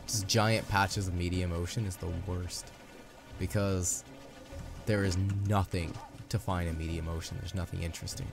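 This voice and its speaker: Young male let's-play host, chatty and upbeat, low voice, game music underneath. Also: fairly even intonation, moderate pace. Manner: chatty, upbeat, playful asides. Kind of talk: casual gameplay commentary.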